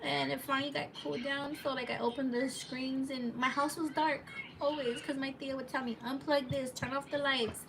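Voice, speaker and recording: A woman's voice: high voice, steady tone, brisk, creaky. A woman telling a personal story to her viewers in a rambling, casual way, full of fillers and restarts, live from home on a phone. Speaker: live-stream vlogger. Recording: noisy home recording.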